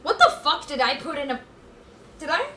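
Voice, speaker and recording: A woman's voice: sits high, sing-song, normal speed, roomy sound, recorded from a distance, background noise. A woman streamer chatting casually with her viewers as she cooks at home, reading chat aloud in a scattered, playful way. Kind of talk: casual chat while cooking. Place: home kitchen.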